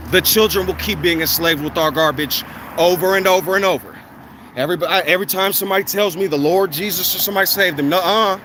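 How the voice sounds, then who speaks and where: Guy ranting while he walks outside, pretty high voice, cars and street noise loud behind him. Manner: blunt, heated, profane ranting. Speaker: vlogger. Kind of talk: walking vlog monologue.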